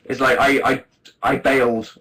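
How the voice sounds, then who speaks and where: A man's voice: medium pitch, little pitch movement, moderate pace, bright, forceful tone, poor audio. Rambling young man chatting on livestream. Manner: rambling, self-deprecating, laughs often. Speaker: livestream host. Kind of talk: casual chat to viewers.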